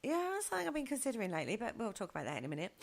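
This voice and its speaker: A woman chatting in a radio studio, telling stories in a lively way and acting out what people said. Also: on the high side, rapid-fire, creaky. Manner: chatty storyteller who acts out quotes, often laughing. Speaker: studio guest. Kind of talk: casual radio chat. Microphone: studio microphone.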